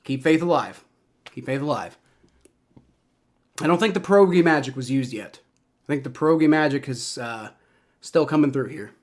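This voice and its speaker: This young man gives live play-by-play reactions to a football game, cursing and getting worked up over each play. He speaks at a moderate pace with a medium pitch and frequent pauses.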